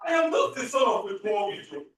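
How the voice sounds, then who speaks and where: A performer plays a desperate young male graduate who pleads loudly for a job in an amateur stage drama, recorded in an echoey room from far off. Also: mid-range voice, sing-song, a little fast. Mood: pleading. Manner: pleading, loud and emotional.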